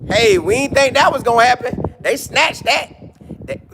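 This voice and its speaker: Guy streaming football talk, high voice, jumps all over, keeps repeating himself. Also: moderate pace, gravelly, noisy background. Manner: animated, jokey, repeats lines, mock voices. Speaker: sports commentary streamer reading chat. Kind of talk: casual live-stream chat.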